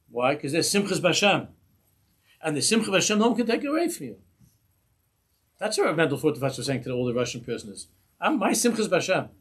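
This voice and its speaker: A man giving an informal Torah class as a rabbi, lively and humorous, laughing at his own examples and mixing in Hebrew and Yiddish terms. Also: mid-range voice, husky. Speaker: rabbi teaching a weekly class.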